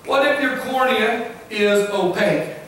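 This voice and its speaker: High-voiced man teaching in an echoey hall. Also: expressive, unhurried, a bit bright, far from the mic, slight background noise. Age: middle-aged. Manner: questions the audience often, with frequent "okay?" and "right?". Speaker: guest speaker. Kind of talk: lively teaching talk to a congregation. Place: church hall.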